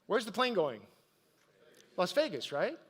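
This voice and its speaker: A man with a notably high voice gives a live motivational talk. He tells personal stories and throws questions out to his audience. He sounds middle-aged and practiced at speaking from a stage. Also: wildly swooping pitch, measured pace, slightly rough. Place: event stage.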